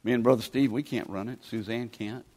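A man's voice: mid-range voice, steady tone, fairly quick, a little mellow. A man, preaching a sermon in a folksy, pleading, conversational way as a guest preacher. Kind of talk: sermon with altar call.

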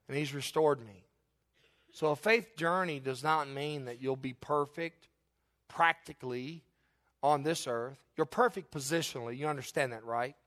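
Male pastor, animated sermon delivery, voice sits a bit high. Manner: animated storytelling with sudden loud high bursts.

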